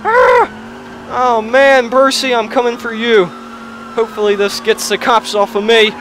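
A young man giving excitable gameplay commentary on his own gaming channel, shouting and yelping at the game between quick chatter. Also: very high voice, a little hiss or hum. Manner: loud, yelps and shouts at the game. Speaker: let's play gamer. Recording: lo-fi restored audio.

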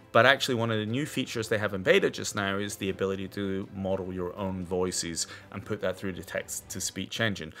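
A man presenting a screen-share technology demo, explaining in a halting way that restarts and repeats words. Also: on the low side, a bit bright. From Scotland.

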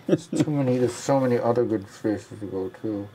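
A man's voice: mid-range voice, fairly quick, mellow, slight background noise, rough recording. A man thinking aloud over his moves and chuckling in a casual live-streamed board game chat. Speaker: board game show regular.

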